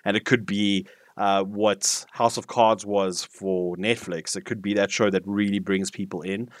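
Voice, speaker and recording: A man's voice: lowish voice, steady tone, measured pace, dry recording, clean studio sound. A man co-hosting a podcast, chatting enthusiastically about a TV series with frequent fillers and restarts. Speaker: podcast co-host reviewing TV. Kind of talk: casual podcast chat.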